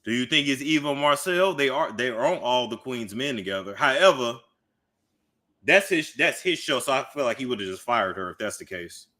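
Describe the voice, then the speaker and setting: A man's voice: medium pitch, animated, moderate pace, pushed and bright. A man giving casual gossip commentary, chatty and asking his audience questions.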